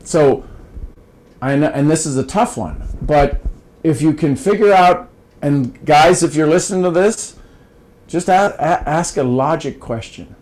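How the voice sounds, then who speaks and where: Over poor audio, an older man from Ohio speaks at a measured pace in a slightly high, darkish voice. He's a podcast guest in a casual advice-giving conversation, folksy and coaching, often restarting and repeating words.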